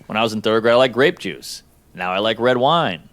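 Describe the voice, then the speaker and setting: With a lowish, brisk voice, a thirty-something American comic works through a stand-up set. He spins lively stories and adopts different voices to land his jokes.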